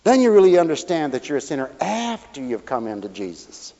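A man preaching as a pastor, folksy and animated, acting out little voices as he talks. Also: a little high, a little fast. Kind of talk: sermon. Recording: dull hall recording with long reverb.

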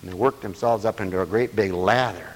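A man preaching a lively sermon, breaking into laughter and playful asides. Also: fairly quick, in a large hall. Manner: animated, swooping pitch, laughing asides.

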